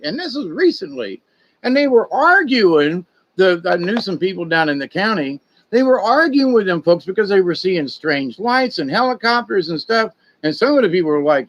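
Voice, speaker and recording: A man's voice: sits high, big pitch swings, normal speed, a bit bright, lo-fi sound. A man telling rambling, folksy stories in a casual monologue, digressing often and sounding conspiratorial. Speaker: spiritual talk host.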